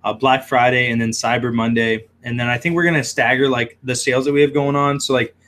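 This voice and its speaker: A man's voice: medium pitch, fairly even intonation, fairly quick, fairly bright tone. A man who runs a shrimp shop, hosting a casual livestream with lots of fillers as he reads viewer comments aloud. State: hiccuping.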